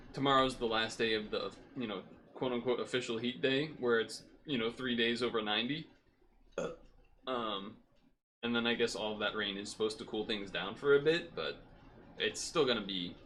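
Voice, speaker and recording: A man talks casually to his stream audience, rambling and correcting himself as he goes. He is hot and sweaty, his voice sitting at an ordinary middle pitch. A faint hum of room noise sits behind him. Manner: rambling, self-correcting, relaxed.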